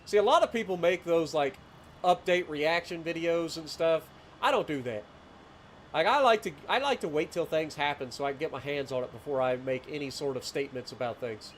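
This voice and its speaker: With a slightly high voice and a fairly quick pace, a man in his late thirties chats casually during a gameplay livestream. His rural southeastern Ohio accent comes through as he greets chat, tells meandering stories, and keeps chuckling, with slight background noise.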